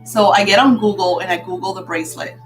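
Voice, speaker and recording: Older woman, chatty, storytelling, laughs often, casual live lesson, soft music behind. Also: medium pitch, fairly even intonation, fast talker, rough recording. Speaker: spiritual teacher. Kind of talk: casual live-stream class.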